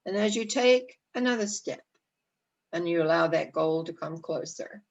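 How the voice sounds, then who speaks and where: Middle-aged woman, soft motivational coaching, guided visualization, kinda rambly restarts. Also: fairly low pitch, animated, moderate pace, creaky, dull audio. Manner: gentle, reflective, restarts sentences. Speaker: life coach.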